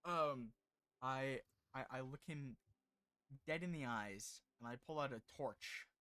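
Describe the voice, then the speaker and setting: A man playing a tabletop game, talking in an animated way with stammering restarts. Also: mid-range voice, takes it slowly, clear, resonant tone, no room sound. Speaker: player. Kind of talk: casual tabletop game chat.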